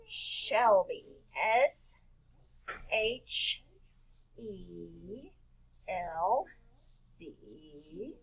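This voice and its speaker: Woman teacher with a high voice for a children's writing lesson: patient and slow, spells words letter by letter. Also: fairly bright tone. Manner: asks children questions and answers them herself. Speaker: kindergarten-level teacher.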